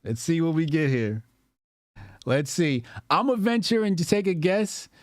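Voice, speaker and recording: A man streams casual reaction commentary, mocking and exasperated and quick to curse. His pitch swings widely. The sound is dry and close to the mic. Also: big pitch swings, dry recording.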